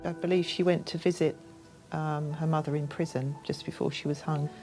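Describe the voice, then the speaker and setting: Earnest woman host asking questions, low voice, faint music under it. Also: steady tone, fairly quick. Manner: earnest, thoughtful. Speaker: presenter and investigator. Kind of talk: documentary interview and to-camera talk.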